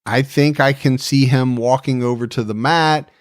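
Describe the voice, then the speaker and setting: A man's voice: medium pitch, fairly even intonation, moderate pace, smooth, no echo, clean studio sound. A man hosting a true crime podcast, chatting in a conversational, emphatic way. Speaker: podcast host. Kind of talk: casual chat.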